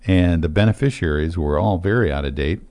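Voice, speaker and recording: Low-voiced man explaining finances. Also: brisk. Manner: explanatory, steady, with frequent fillers. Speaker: financial advisor. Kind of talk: casual radio talk show chat.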